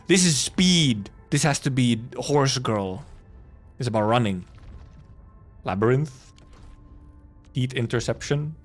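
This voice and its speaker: A young man streaming a video game, thinking out loud with playful, swearing, laughing casual commentary. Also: medium pitch, slow pace, pauses often, soft background music.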